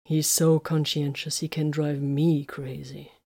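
A woman reading the lines of a calm male space marine commander in an audiobook, quiet and dry. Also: sits low, unhurried.

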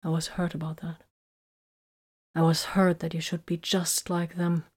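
A woman's voice: on the low side, flat delivery, measured pace, a little mellow, husky. A woman reading a bitter, wounded woman warrior. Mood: hurt. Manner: hurt, confessional, emotional. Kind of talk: audiobook character reading.

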